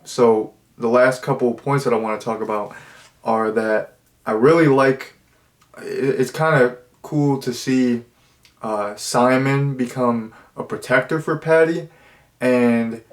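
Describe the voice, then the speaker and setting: In an ordinary mid-pitched voice, a man rambles through a casual film review. He keeps doubling back, heaps on fillers and starts his sentences over as he talks.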